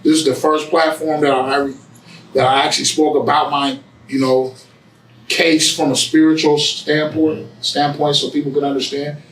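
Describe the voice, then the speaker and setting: A man with a slightly high, fairly bright voice talks at normal speed with little pitch movement, recorded from a distance in an echoey indoor barbershop. He's an interview guest spinning a loose, repetitive, profane yarn, constantly saying "you know what I'm saying."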